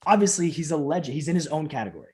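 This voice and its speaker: A man in his thirties, a professional wrestler and trainer, chatting in an interview from home over a video call and acting out quotes as he tells stories. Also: racing. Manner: animated storyteller acting out quotes with big pitch jumps. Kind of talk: casual interview chat.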